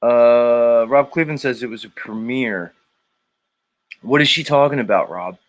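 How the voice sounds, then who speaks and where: A man's voice: mid-range voice, a little slow. A man hosting a casual livestream show, rambling, joking and swearing as he reads viewer comments aloud.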